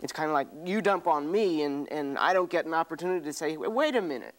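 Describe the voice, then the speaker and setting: A man taking part in a couples counseling exercise, speaking haltingly and pleadingly, repeating words as he voices his hurt. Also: on the high side. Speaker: workshop participant. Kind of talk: emotional confrontation exercise. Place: counseling seminar room.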